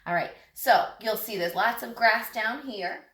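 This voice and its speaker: A woman teacher giving a lesson to young children, talking in a lively, sing-song way. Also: fairly high pitch, a little slow, reverberant.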